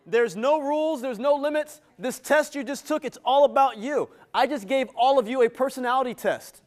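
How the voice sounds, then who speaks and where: Male motivational speaker with a high voice, working a live crowd playfully. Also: normal speed. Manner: energetic, playful, teasing the audience. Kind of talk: interactive live keynote. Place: event venue with a live audience.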